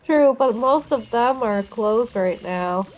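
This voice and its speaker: A woman's voice: fairly high pitch, animated, slow, darkish tone. A woman chatting casually with friends on a livestream, in a laid-back, easygoing way. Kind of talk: casual chat among friends.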